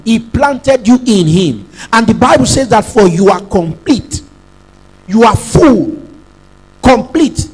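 A man's voice: very high voice, slightly rough, poor audio. A man preaching a sermon as pastor, emphatic, repeating phrases and prompting the congregation to say lines back.

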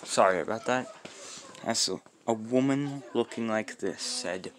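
A man casually narrating a homemade fan story, rambling off on tangents with halting restarts. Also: fairly low pitch, a bit bright, a little hiss or hum.

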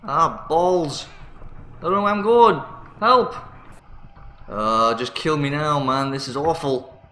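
Male let's-play host, animated and sharp-toned, panicky, swears freely. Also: on the high side, slow. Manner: panicky, self-mocking, swears a lot. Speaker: gaming channel host. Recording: roomy sound with faint music.

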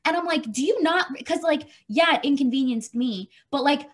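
Animated, foul-mouthed woman telling a story. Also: sits high, normal speed. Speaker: podcast co-host. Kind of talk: casual chat.

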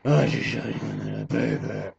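A young man giving casual, excitable commentary while playing a shooter game, swearing and joking. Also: on the low side, normal speed, gravelly, highs cut off. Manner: excitable, swearing, jokey outbursts. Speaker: gaming commentator.

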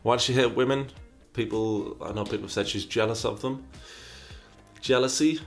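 A man's voice: medium pitch, fairly even intonation, normal speed, creaky, soft background music. A man hosting a casual question session, reading out viewer questions and mulling over each answer while often repeating himself. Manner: reads questions aloud, muses, repeats himself. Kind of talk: casual chat.

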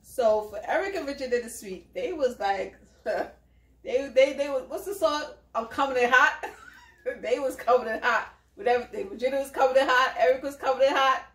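A woman with a high voice, chatting with animated energy and acting out what people said on the show. She sits a little away from the mic, and the room rings with echo. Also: moderate pace, recorded from a distance. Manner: animated, laughs often, acts out quotes. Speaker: co-host of a reality show review. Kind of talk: casual chat.

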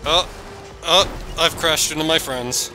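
Brief: jokey male let's-play commentator, bright sharp voice, slow delivery that breaks into excited yelps. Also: on the high side, faint music behind. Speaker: gameplay commentator.

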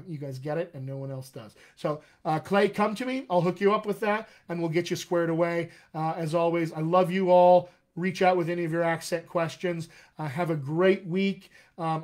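A man's voice: a little high, darkish tone. An American man, a dialect coach, chatting casually and rambling to viewers on a live stream, calling them by name. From United States.

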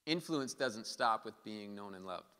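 A man's voice: fairly low pitch, expressive, normal speed, sharp tone, clear, resonant tone. A man preaching a sermon as pastor, passionate and building to emphatic peaks, acting out quoted speech. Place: church hall. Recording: reverberant hall.

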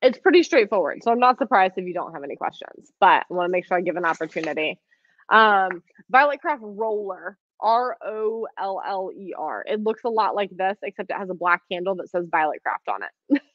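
A woman's voice: mid-range voice, expressive, fairly quick, no echo. A woman teaching a live online quilting class, chatty and encouraging, with frequent ums as she works and answers viewer questions. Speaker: quilting instructor. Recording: dry, slightly dull stream audio.

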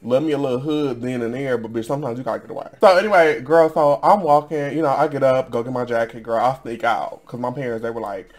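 A man's voice: medium pitch, steady tone, fast talker, few pauses. A man in his twenties telling a storytime vlog to camera, sassy and profane, laughing often and calling viewers girl. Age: 20s. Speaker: storytime vlogger. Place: at home in front of a camera.

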